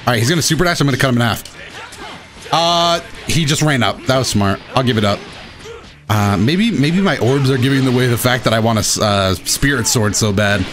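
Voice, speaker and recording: A young man giving excitable, self-mocking live commentary while playing a fighting game. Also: mid-range voice, moderate pace. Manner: excitable, self-mocking, shouts at big plays. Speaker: gaming YouTuber. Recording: game music playing behind. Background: game music.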